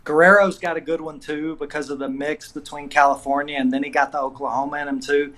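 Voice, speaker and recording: A man's voice: fairly high pitch, level tone, fast talker, a bit bright. A man with a Georgia Southern accent, a wrestling coach chatting casually on a podcast and telling easygoing stories with frequent chuckles. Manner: easygoing storyteller, chuckling often.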